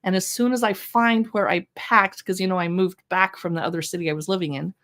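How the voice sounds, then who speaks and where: A woman's voice: lowish voice, fairly even intonation, brisk, fairly bright tone. A woman hosting a casual live shopping stream from home, chatting in an upbeat way about books and decor and reading short bits aloud. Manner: chatty, upbeat, reads short passages aloud with playful voices. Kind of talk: casual product showcase livestream. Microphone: own microphone close by.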